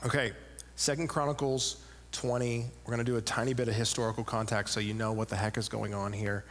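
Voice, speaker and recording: A man's voice: lowish voice, flat delivery, brisk, a bit bright. Man preaching in a reverberant church. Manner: casual, joking preaching voice. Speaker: pastor. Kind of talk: sermon. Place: church sanctuary. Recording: long reverb of a large room.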